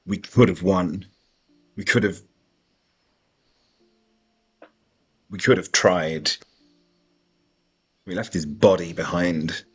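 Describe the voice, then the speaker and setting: A man playing a grieving, husky-voiced warrior. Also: extremely low pitch, fairly even intonation, bright, forceful tone, faint music behind, heavily acted. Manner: halting, grief-stricken. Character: grieving male warrior, lost and brooding.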